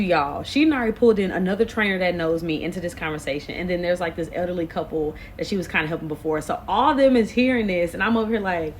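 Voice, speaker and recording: A woman in her late twenties telling a storytime to camera, animated and expressive, full of slang. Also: fairly low pitch, quick pace, slight background noise. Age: late 20s. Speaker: vlogger. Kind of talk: casual storytime.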